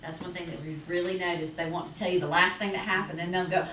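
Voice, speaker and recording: A woman teacher with a Southern US accent, talking to parents about reading in a chatty, lively way. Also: fairly low pitch. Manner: chatty, lively, quick to laugh. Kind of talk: presentation to parents. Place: school classroom. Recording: roomy, distant, noisy classroom recording.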